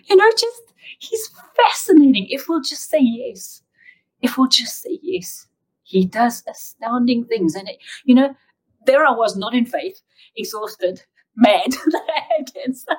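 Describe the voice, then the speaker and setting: A woman telling her personal testimony as an interview guest, in an emotional, animated way. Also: high-pitched, unhurried, husky, rough recording.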